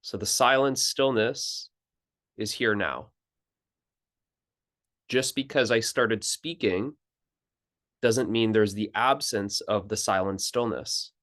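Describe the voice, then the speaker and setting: Calm and unhurried, a male spiritual teacher explains in a contemplative talk, stopping and restarting phrases along the way. He has a lowish voice.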